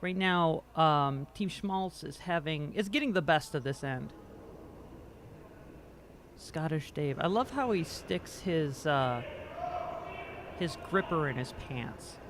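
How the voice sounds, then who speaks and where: A man's voice: fairly high pitch, animated, slow, pauses often, fairly bright tone, slight background noise. A man doing amateur commentary on a curling game, joking and self-deprecating and stumbling over players' names. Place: curling rink.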